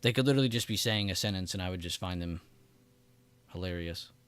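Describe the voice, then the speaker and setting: Low-voiced man hosting a trading stream. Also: fast, a bit bright, clean tone, dry recording, soft background music. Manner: casual, chatty, laughs often, talks to chat directly. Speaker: trading livestream host. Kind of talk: live market commentary reading chat.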